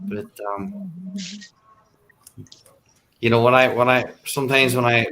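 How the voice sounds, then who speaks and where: A man's voice: medium pitch, animated, a little slow, sharp tone, a little hiss or hum. A man from Ireland with an Irish accent, chatting casually with friends and filling his talk with "you know". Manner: rambling, many "you know" fillers. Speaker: chat participant. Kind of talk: casual group chat.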